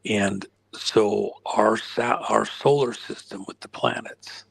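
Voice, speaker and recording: Interview guest, male, losing his voice, husky and unhurried, lots of ums and throat clearing. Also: on the low side, fairly even intonation, low-quality recording. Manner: frequent throat clearing and filler pauses. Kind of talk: rambling explanatory interview answer.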